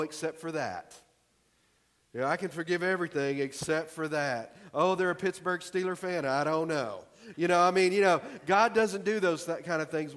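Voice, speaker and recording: Guy preaching in a church, kinda high voice, chatty and emphatic, big hall echo. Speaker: pastor. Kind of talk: sermon. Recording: long hall reverb.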